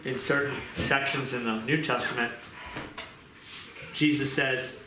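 A man preaching a fervent sermon, moving from pleading prayer to quieter scripture reading. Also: mid-range voice, fairly even intonation, a little slow, long pauses. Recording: echoey room with noise.

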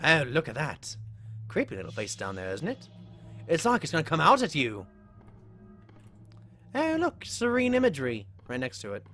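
A woman streaming a horror game live, chatting with viewers between playful in-character asides and breaking into excited yelps during chases. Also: low-pitched, moderate pace, long pauses, faint music behind. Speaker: gaming streamer. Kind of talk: live game commentary with chat.

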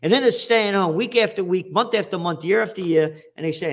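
This show host has a high voice and a brisk delivery. A trends forecaster by trade, he rants about news headlines, first reading them and then mocking them with loud, sarcastic profanity.

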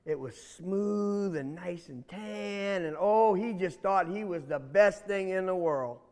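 A man's voice: high-pitched, slow pace, a little mellow, big-room sound. A man, telling a children's story in a playful, chatty way and asking the children questions.

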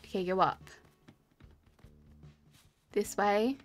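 Speaking very slowly in a mid-range voice, a streamer tours game islands and cheerfully chats, calling out viewers in her chat by name. Her casual commentary comes through a webcam and desk mic, recorded dry and close with game music playing behind her.

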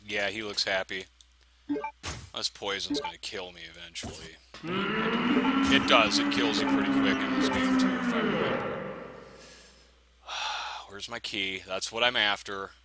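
A man's voice: on the low side, expressive, unhurried, pauses often, very noisy. A man commentating his own video game play, swearing and ranting in frustration at the enemies. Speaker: let's play gamer. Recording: game music clearly behind the voice. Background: game music.

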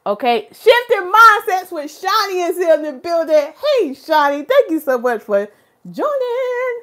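A woman with a fairly high voice hosts a casual live stream about hair care. She greets viewers from the chat by name and turns animated and preachy when she makes her points. It sounds like she is talking into a phone or webcam. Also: a little slow. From North Carolina, USA.

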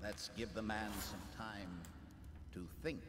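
An actor playing a cold, scheming male usurper who gloats with calm menace in a game. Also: lowish voice, slow. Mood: gloating. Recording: echoey hall with noisy game ambience.

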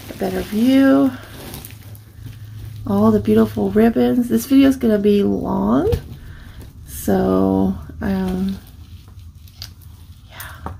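A woman's voice: medium pitch, vocal fry, dark tone, a little hiss or hum, low-quality recording. A woman hosting a crafting channel, casually showing a handmade journal and gushing over it with many fillers. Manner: gushing, admiring, full of fillers. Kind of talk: casual unboxing look-through.

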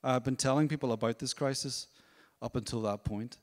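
A man giving a testimony at a church service, telling his story in a lively way and acting out other people's voices. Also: medium pitch, fairly quick, big-room sound. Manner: storytelling, animated, acts out voices. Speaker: worship leader. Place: church hall.

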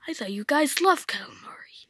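A woman voicing a calm, scheming masked male knight villain in a low, hushed whisper, a whispered role-play. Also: moderate pace, dry recording.

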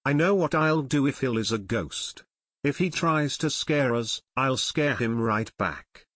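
A man's voice: medium pitch, expressive, a little slow, fairly bright tone, no echo, clean studio sound. A man voicing a stout, jokey teenage boy. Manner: boastful, joking.

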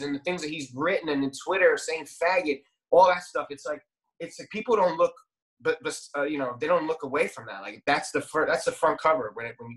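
A man's voice: a little high, fairly bright tone. A young adult man guesting on a casual podcast, rambling and restarting his sentences, swearing freely.

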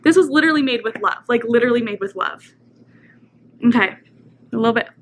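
A woman's voice: on the high side, animated, brisk, slight background noise, poor audio. A young woman chatting casually to her camera at home, rambling with lots of fillers. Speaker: vlogger. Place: apartment, indoors.

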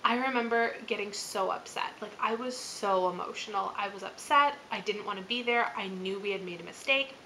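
A woman's voice: mid-range voice, fairly quick, few pauses, bright, forceful tone, a little hiss or hum, poor audio. A woman in her thirties hosting her channel, telling a spooky personal story in a casual, chatty way, full of fillers and little laughs. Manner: chatty, filler-heavy, laughs as she talks. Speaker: channel host.

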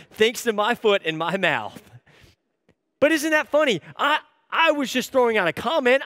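Animated high-voiced man preaching. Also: dry recording, studio quality, in a large hall. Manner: animated, self-deprecating storyteller. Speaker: church staff speaker. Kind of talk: sermon.

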